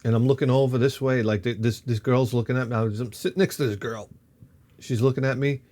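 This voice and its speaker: A man in his fifties spins a loose, comic personal story for his vlog. He talks in an animated, offhand way, swears freely and keeps jumping between tangents. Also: mid-range voice, fast talker. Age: 50s. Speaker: vlogger.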